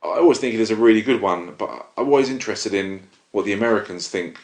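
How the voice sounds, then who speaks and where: A man's voice: fairly low pitch, fast talker, a little mellow. A man hosting a casual film review podcast, rambling and enthusiastic. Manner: rambling, self-interrupting, enthusiastic. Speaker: podcast host. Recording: roomy echo.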